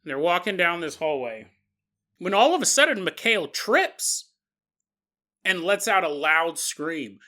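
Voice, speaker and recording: A man hosting a paranormal podcast, telling a strange story in a casual, animated way with chuckles and conversational asides. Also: sits high, unhurried. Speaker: podcast host.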